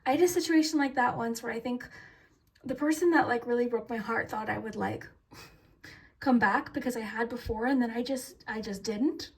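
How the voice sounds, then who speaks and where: A woman's voice: fairly high pitch, normal speed, slightly rough. Giggly, flustered woman reading tarot. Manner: giggly, flustered, with many fillers and restarts. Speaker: tarot reader. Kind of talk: casual tarot reading to camera.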